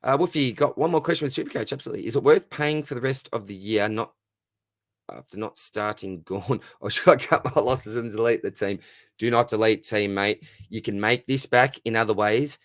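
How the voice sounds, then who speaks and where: Hosting a casual live stream Q&A, an Australian man reads chat questions aloud and answers them in a friendly, matey way. His voice is mid-range and fairly quick. The studio sound is clean, with no room sound.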